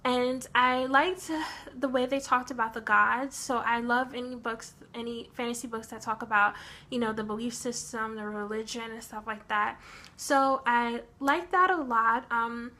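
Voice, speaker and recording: A woman's voice: a little high, fairly even intonation, moderate pace, bright, forceful tone. A young woman chatting casually about a book she read, laughing often and acting out bits of dialogue. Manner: chatty, laughs often, slips into acted quotes. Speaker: book reviewer. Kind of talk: casual chat.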